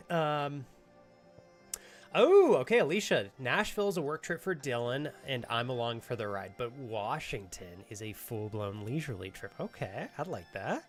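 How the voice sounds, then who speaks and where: A man's voice: medium pitch, fairly bright tone. A young adult man streaming a game live, chatting casually and earnestly thanking viewers by name. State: out of breath.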